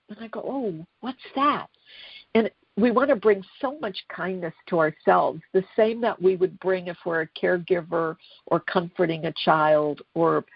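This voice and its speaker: A woman coaching on relationships over a phone interview, speaking soft and thoughtful with frequent restarts. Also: mid-range voice, breathy edge, no room sound, dull audio. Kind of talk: phone interview, reflective talk.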